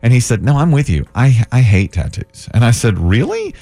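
A man's voice: medium pitch, animated, fairly quick, dark tone. A man hosting a radio talk show, telling a long story and acting out the quoted dialogue in a chatty way. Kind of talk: casual radio chat.

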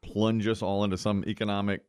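A man's voice: on the low side, little pitch movement, fairly quick, a little mellow, clean tone, dry recording, studio quality. A man co-hosting a radio-station podcast, telling rambling stories in casual chat and restarting his sentences. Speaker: podcast co-host.

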